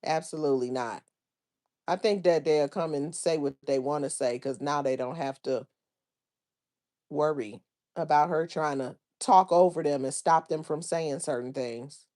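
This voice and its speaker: A woman's voice: deep voice, a little slow, warm tone. A woman hosting a livestream, chatting casually about online drama and reading viewers' comments aloud in a drawling, gossipy way. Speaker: livestream host.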